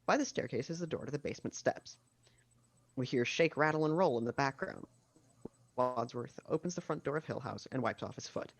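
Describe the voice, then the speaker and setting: A man narrating the stage directions of a screenplay at a casual video-call table read, with steady reading and dry asides. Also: mid-range voice, brisk, vocal fry.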